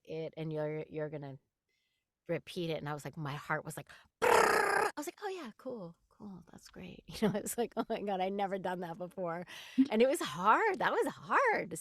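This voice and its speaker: A middle-aged woman from New York, a voice actress guest chatting in an interview, animated and quick to laugh while acting out quotes. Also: low voice, no echo, clean studio sound. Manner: animated storyteller, laughs often, acts out quotes. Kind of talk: casual interview chat.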